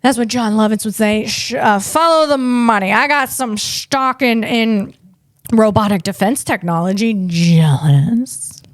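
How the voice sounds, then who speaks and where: A woman's voice: fairly high pitch, a little slow, dry recording, studio quality. A woman hosting a comedy podcast, riffing casually and interrupting herself as she talks. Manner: chatty, riffing, self-interrupting.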